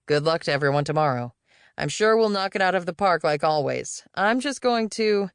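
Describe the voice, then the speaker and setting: A woman's voice: fairly low pitch, animated, normal speed, clean tone, no echo, studio quality. A woman voicing a laid-back, evasive middle-aged male executive who talks in a casual, breezy way.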